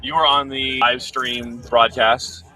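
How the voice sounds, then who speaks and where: A man's voice: mid-range voice, little pitch movement, slow, music in the background, low-quality recording. A man hosting a live race stream. He talks in an earnest, rambling way, full of fillers. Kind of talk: live event commentary.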